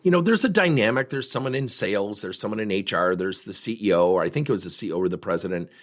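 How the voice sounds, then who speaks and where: A man's voice: on the low side, quick pace. A man coaching on sales, telling a story and acting out the people in it. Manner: animated, acts out quoted voices. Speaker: sales coach, podcast host. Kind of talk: storytelling talk.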